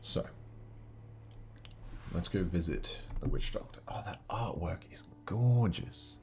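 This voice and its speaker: A man plays a solo tabletop adventure book as game master, reading the text out loud and chatting easily with viewers. His voice is low and a little mellow with vocal fry, animated yet slow in pace.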